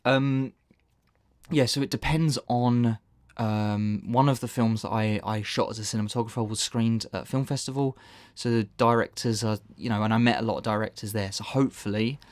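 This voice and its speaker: Male stream host, lower voice, dry sound, loose and rambling delivery with a lot of laughing. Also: darkish tone, dry recording. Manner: rambling, self-interrupting, laughs often. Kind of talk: casual live-stream chat.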